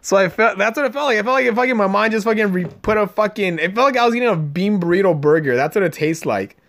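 A man's voice: high voice, lively intonation, fast talker, a bit bright. Rambling, profane young man storyteller. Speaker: podcast host. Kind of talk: casual chat. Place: Los Angeles area podcast room.

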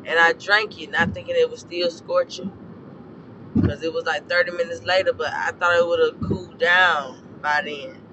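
A hoarse man with a fairly high voice delivers a blunt, cuss-filled rant about parenting. His tone is preachy and direct. Loud traffic and outdoor noise sit clearly behind him. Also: fairly even intonation, moderate pace. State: hoarse from a scorched throat. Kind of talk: casual opinion rant.

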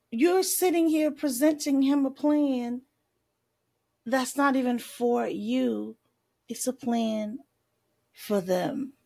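A woman's voice: a little high, creaky, a little mellow. A woman life coach giving faith-based advice in a sassy, playful podcast talk, tossing in pet names and laughing often.

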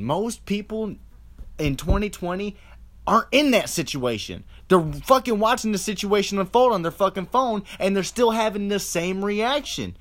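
A man's voice: on the high side, animated, moderate pace, a bit bright. A man ranting in a casual monologue, swearing freely, restarting his sentences and throwing out rhetorical questions. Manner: profane, rambling, with frequent restarts and rhetorical questions.

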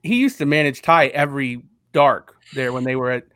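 A man's voice: mid-range voice, steady tone, brisk, a bit bright, clear, resonant tone, no room sound. A man with a mid-range voice co-hosts a podcast in casual chat, eager and teasing. He fills his talk with "like". The sound is dry, with no room around him. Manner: enthusiastic, teasing, filler "like". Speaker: podcast co-host.

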